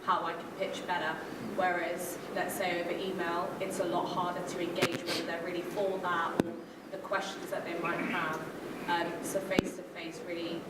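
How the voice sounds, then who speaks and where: A woman from the audience, answering in a thoughtful, measured way with a few um fillers. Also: on the low side, little pitch movement. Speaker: audience member. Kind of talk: casual answer in a Q&A. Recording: very echoey room from far off, loud noise.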